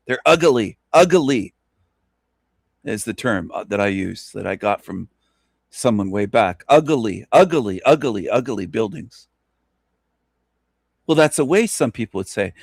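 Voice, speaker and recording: A man hosting a solo radio monologue, ranting emphatically and repetitively with mocking chuckles and sudden jumps in pitch. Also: no echo, clean studio sound. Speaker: radio show host.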